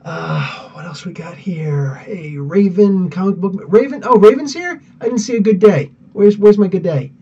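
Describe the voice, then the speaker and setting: A man's voice: sits high, very animated, moderate pace, few pauses, a little mellow, husky. A man hosting a live podcast, chatting casually and rambling as he greets viewers by name. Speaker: podcast host. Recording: dull sound, mic somewhat distant.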